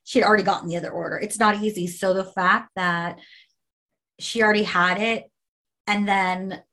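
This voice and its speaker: A woman's voice: mid-range voice, fairly even intonation, normal speed, sharp tone. A woman in casual conversation who tells a story emphatically, repeating phrases and swearing.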